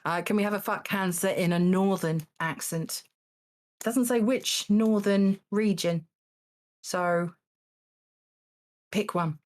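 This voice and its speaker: A woman's voice: medium pitch, steady tone, slow pace, long pauses, a little mellow. A woman hosting a charity game stream, chatting loosely and giggling, tripping over her words. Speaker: taskmaster host of a charity stream. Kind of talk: casual live-stream banter.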